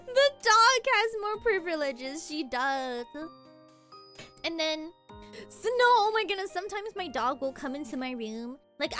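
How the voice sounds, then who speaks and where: A young woman chats casually on a stream, telling stories in an animated, giggly way. Her voice sits very high and bright, and it swoops about lively. Faint music plays underneath. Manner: giggly, animated storytelling with acted quotes. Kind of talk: casual chat.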